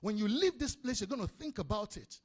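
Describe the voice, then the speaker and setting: A man with a Nigerian accent giving an energetic business seminar talk, calling out to the audience and repeating his points. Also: high-pitched, a little fast. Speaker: business speaker. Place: conference hall before an audience.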